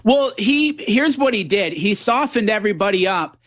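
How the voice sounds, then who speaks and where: A man's voice: sits high, moderate pace, highs cut off. A man appearing as a guest commentator on a political talk show, telling stories and acting out what others say. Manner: animated storytelling, acts out quoted voices.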